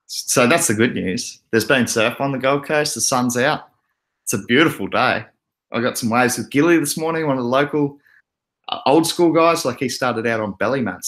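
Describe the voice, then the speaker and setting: A young Australian man hosting a casual crypto livestream, relaxed and chatty, laughing often as he reads out the chat. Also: mid-range voice.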